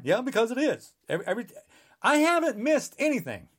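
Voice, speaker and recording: A man's voice: sits high, very animated, fast. A man in his sixties delivering a heated, rambling podcast monologue, emphatic and full of restarts. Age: 60s. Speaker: podcast guest.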